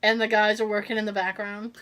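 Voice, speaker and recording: A woman's voice: medium pitch, brisk. A woman co-hosting a podcast, telling stories in casual chat and laughing often. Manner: animated, laughing storyteller. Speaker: podcast co-host.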